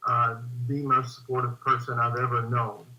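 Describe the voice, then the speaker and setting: A man's voice: mid-range voice, little pitch movement, normal speed, pushed and bright. Hesitant male caller on a dull line. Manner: hesitant, with many fillers and restarts. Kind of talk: call-in question.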